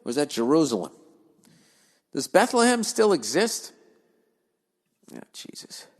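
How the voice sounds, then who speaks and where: A man with a somewhat high voice rants his way through listener letters, swearing freely and wandering off on tangents. A long reverb trails after his words. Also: big pitch swings, normal speed. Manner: swears freely, grumbles and digresses. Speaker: podcast host reading listener letters. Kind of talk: profane comedic rant.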